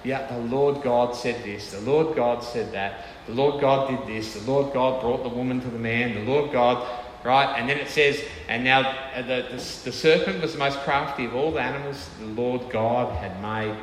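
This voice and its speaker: A man's voice: medium pitch, steady tone, moderate pace, a little hiss or hum. A man preaching a sermon in a conversational way, often checking in with his listeners. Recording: echoey hall with faint ambience.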